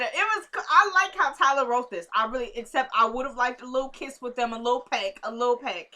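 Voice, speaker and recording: A woman's voice: sits high, expressive, a little fast, bright, forceful tone. A woman in a casual vlog, chatting to her viewers in slangy style as she retells a TV episode and acts out the characters' lines. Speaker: vlogger recapping a TV episode. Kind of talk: casual recap chat. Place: at home.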